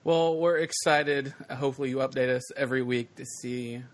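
A man's voice: mid-range voice, steady tone, normal speed. A man hosting a casual comedy podcast, upbeat and joking with his co-hosts. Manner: upbeat, joking, playful banter. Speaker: podcast host.

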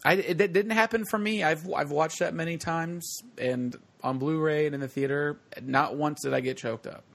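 A man co-hosting a casual chat podcast, teasing his friends, swearing and laughing loudly. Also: fairly high pitch, fairly even intonation, normal speed, creaky. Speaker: podcast co-host.

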